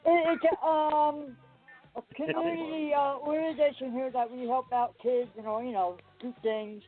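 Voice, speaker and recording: A high-voiced man in his fifties chats on a radio show, halting and repeating himself as he searches for words. His voice comes through a thin, phone-like line with faint music behind it. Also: little pitch movement. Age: 50s. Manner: halting, stumbling over words. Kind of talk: casual radio banter.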